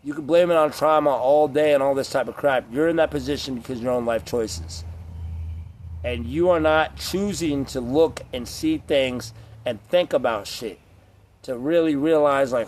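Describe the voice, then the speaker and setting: A man's voice: medium pitch, moderate pace, a little mellow, slight background noise. A young man ranting to camera in a blunt, profane, rambling vlog monologue, now and then mocking the voices of others. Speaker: vlogger.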